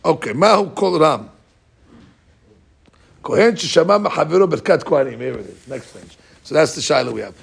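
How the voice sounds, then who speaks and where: Gravelly-voiced rabbi teaching a class. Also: male voice, high voice. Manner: animated, questioning the class, reads Hebrew text fast. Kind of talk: Talmudic lesson, mixing English and Hebrew.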